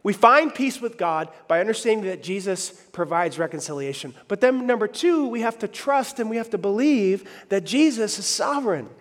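A man preaching a sermon in a church hall, emphatic, swinging between loud and hushed lines and asking the audience questions. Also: high voice, animated, moderate pace, hardly any pauses. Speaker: pastor.

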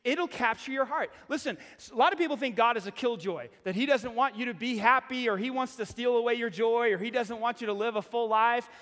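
High-voiced pastor preaching in a reverberant hall. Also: male voice, fairly quick, hardly any pauses, fairly bright tone. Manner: conversational, emphatic preaching with repeated phrases. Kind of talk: sermon.

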